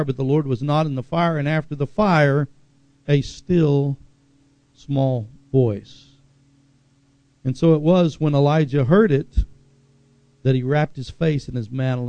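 A man's voice: medium pitch, vocal fry, warm tone, no echo, muffled recording. A middle-aged man preaching a sermon in a conversational way, reading scripture aloud with asides.

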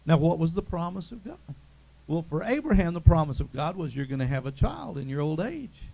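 A man's voice: fairly high pitch, big pitch swings, brisk, gravelly, dark tone, rough recording. A man preaching a sermon, emphatic and repetitive, calling out to his congregation. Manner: emphatic, repeats phrases, calls out to the congregation.

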